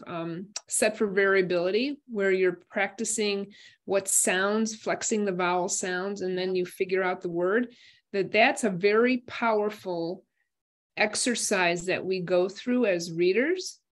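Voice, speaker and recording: A brisk woman co-presenting on a video call, her voice at a middle pitch. She keeps things moving, affirming points and setting up questions. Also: a bit bright. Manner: brisk and affirming, quick agreements. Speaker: webinar co-presenter. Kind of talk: casual webinar conversation.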